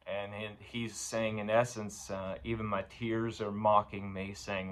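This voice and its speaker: A man preaching a morning sermon, halting with many fillers and growing louder as he reads scripture. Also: fairly low pitch, little pitch movement.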